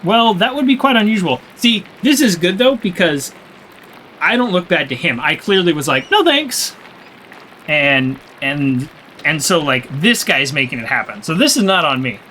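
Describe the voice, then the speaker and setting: A man streams a story game in a chatty, self-mocking ramble and trips over the harder words. His voice sits a bit high for a man and sounds slightly strained. Steady background noise runs under the recording. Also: moderate pace, rough recording. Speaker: let's play streamer. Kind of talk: casual gameplay commentary.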